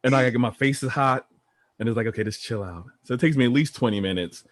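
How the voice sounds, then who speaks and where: A man on a podcast, talking in a relaxed, reflective way with a few restarts. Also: medium pitch, quick pace, dry recording. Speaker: podcast co-host. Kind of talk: casual chat.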